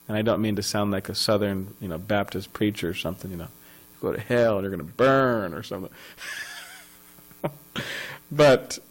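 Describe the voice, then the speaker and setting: A man's voice: fairly low pitch, rough recording. A man giving a scripture class in a temple ashram, talking in a loose, conversational way with chuckles and asides.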